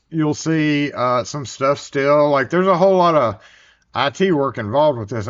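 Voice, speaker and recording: A man's voice: medium pitch, fairly bright tone, highs cut off. Rambling, casual male locksmith. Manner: rambling, loose, full of fillers and restarts. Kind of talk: casual product review vlog.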